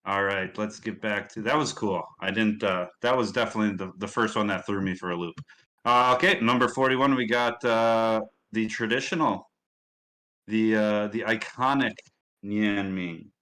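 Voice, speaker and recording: A man's voice: fairly low pitch, moderate pace, sharp tone, rough recording. A man with a Midwestern accent hosting a casual livestream, commenting in an upbeat, rambling way with fillers. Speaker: stream host.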